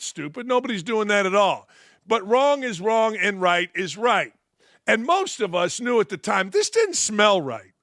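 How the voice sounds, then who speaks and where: A man's voice: high-pitched, pushed and bright, no room sound, studio quality. A middle-aged man hosting a sports talk show, ranting in a blunt, combative, profane and sarcastic way. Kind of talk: opinionated sports commentary rant.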